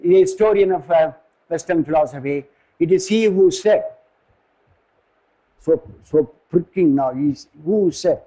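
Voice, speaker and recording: An older man from India with an Indian English accent gives a philosophy lecture, digressive and halting, often pausing to search for words. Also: a little high, mellow, low-quality recording.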